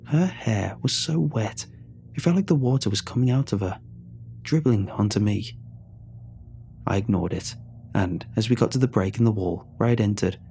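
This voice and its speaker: A man telling a scripted horror story in a measured, tense way. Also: on the low side, creaky, warm tone, slight background noise.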